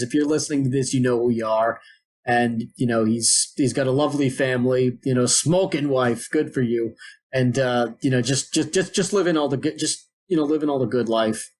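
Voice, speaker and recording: A man co-hosting a podcast, telling a long story in a rambling, digressive way. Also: medium pitch. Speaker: podcast co-host. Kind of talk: casual podcast chat.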